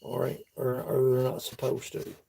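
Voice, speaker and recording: A man's voice: medium pitch, completely flat delivery, normal speed, vocal fry, mellow, slight background noise. A man with a Kentucky accent chatting casually with his livestream viewers in a folksy, laughing country drawl. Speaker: woodworking livestream host. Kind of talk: casual chat reading live comments.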